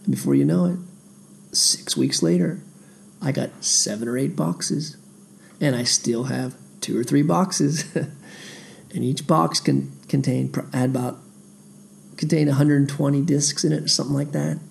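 A man's voice: medium pitch, measured pace, pauses often. A man, an independent musician, talking through his memories in a digressive, self-deprecating casual monologue. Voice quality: gravelly.

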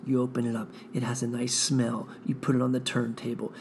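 A man's voice: mid-range voice, monotone, brisk, gravelly, darkish tone, a little hiss or hum. A man rambling through a profane, meandering solo monologue, thinking aloud as a podcast host.

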